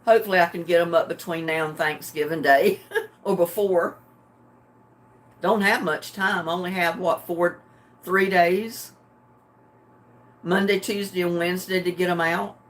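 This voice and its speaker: An older woman chatting casually with her livestream viewers, drowsy and relaxed, homey and chuckling often. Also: lowish voice, unhurried, long pauses. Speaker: livestream host. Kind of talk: casual chat with live viewers.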